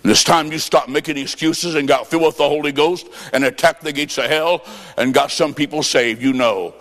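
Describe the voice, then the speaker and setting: A man preaching a revival sermon, telling a story with acted-out quotes and rising to shouts. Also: fairly high pitch, fairly quick, long reverb tail. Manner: fervent, shouting at peaks, acts out quotes.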